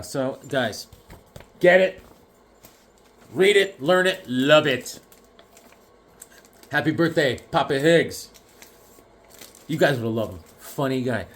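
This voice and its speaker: A man chatting casually about comic books, jokey and animated, now and then acting out the characters. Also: mid-range voice, unhurried, long pauses. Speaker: comic collector vlogger. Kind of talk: casual chat.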